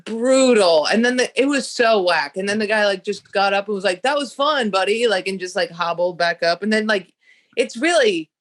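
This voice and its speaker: At a normal speed and in a mid-range voice, a young comedian guesting on a talk show animatedly tells a profane story during casual chat. She acts out the voices of the characters as she goes.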